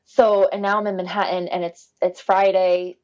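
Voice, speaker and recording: Woman, casual storyteller, animated, mimics voices, laughs a lot, muffled lo-fi audio. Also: mid-range voice, normal speed. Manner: animated, quotes people with lively voice changes, laughs often. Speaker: podcast guest telling her birth story.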